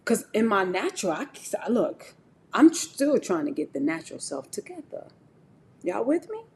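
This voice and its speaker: A middle-aged woman talking on a live stream, giving an animated, preachy motivational talk about faith and speaking straight to her chat. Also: medium pitch, moderate pace, gravelly, slight background noise.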